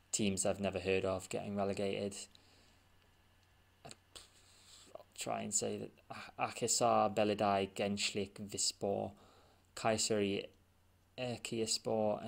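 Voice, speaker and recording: A gaming channel host with a gravelly, slightly low voice talks through gameplay in a casual, offhand manner. He speaks slowly with little pitch movement, thinking aloud and muttering to himself as he scans results on screen.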